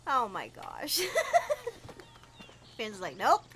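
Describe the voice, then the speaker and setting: A woman streaming a game, chatting casually with her viewers, giggling often and quick to get excited. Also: sits high, noisy background. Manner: bubbly, giggly, talks to chat. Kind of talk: casual gameplay livestream chat.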